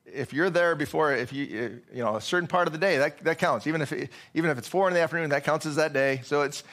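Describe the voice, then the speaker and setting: A man's voice: a little high, fast, fairly bright tone. A man preaching a sermon to his congregation in a conversational way, with fillers and restarts along the way. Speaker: pastor.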